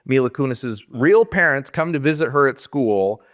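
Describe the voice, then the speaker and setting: A podcast co-host talks through a film's plot in a casual movie review chat, ranting with exasperated rhetorical questions. His mid-range voice is a bit bright, with lively intonation and normal speed.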